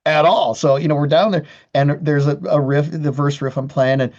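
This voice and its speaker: A man's voice: on the high side, fairly even intonation, normal speed, darkish tone, lo-fi sound. A man, a guitarist guest in a casual interview, talking candidly with frequent restarts and swearing. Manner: candid, profane, many restarts.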